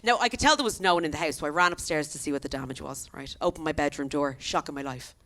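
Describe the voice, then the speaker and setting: A woman in her thirties with an Irish accent, performing a chatty, animated stand-up set on a comedy club stage, tossing quick asides to the crowd. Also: deep voice. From Ireland. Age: 30s.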